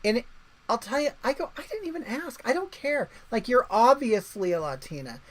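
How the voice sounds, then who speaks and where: A woman's voice: a little high, very animated, normal speed, low-quality recording. A woman hosting a livestream in casual chat, rambling along and reading viewer comments aloud. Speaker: livestream host.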